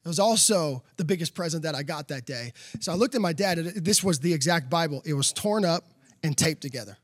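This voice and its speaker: A man's voice: fairly high pitch, animated, fairly quick, dry recording. A man preaching a sermon, telling a personal story with laughs and building to emphatic calls.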